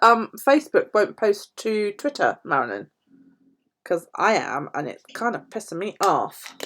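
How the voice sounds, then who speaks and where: A woman's voice: mid-range voice, big pitch swings, unhurried, a bit bright. Chatty, swearing British woman. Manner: chatty, swears freely, laughs often. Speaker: planner vlogger. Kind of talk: casual chat to live viewers.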